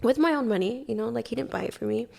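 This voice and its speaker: A woman's voice: on the high side, racing, creaky, a little mellow. A woman from Hawaii, a podcast guest, telling a story in a chatty way, with lots of "like" and frequent swearing. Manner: chatty, heavy use of "like", swears often. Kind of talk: casual storytelling.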